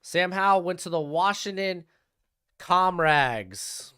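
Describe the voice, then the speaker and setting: A young live streamer with a smooth, mid-range, slightly bright voice comments casually on draft picks in a sing-song, measured way. He's chatty, shares offhand opinions, and answers questions from his chat.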